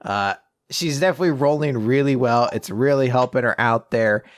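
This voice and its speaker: A man's voice: medium pitch, moderate pace. A man hosting a podcast, casually recapping comics, swearing and jumping into quoted voices. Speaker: podcast host.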